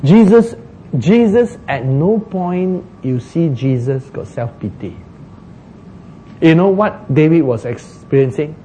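Slow, emphatic male preacher. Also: on the high side, animated, dark tone, a little hiss or hum, low-quality recording. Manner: slow, emphatic preaching with dramatic acted-out laments. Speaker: pastor. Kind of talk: sermon.

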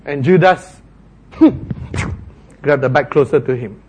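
A man preaching a sermon, retelling a story dramatically with shouted voices for its characters. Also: medium pitch, slow, a little hiss or hum.

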